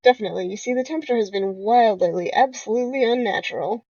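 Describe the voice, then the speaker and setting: A woman voicing a laid-back male cowboy gunslinger from a video game, reading his lines in a blunt, deadpan way. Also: a little high, rapid-fire, no echo, lo-fi sound.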